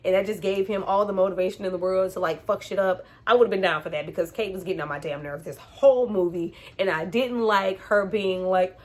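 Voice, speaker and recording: A woman's voice: medium pitch, a little fast, hardly any pauses. A woman casually reviewing a movie, slangy and frank, laughing often and acting out characters' lines in voices. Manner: animated, acts out characters' lines in funny voices.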